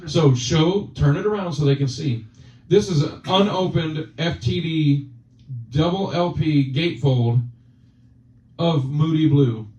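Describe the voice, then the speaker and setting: Male channel host, joking banter, slightly high voice, dull distant room sound. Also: unhurried, darkish tone, roomy sound. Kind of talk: casual chat.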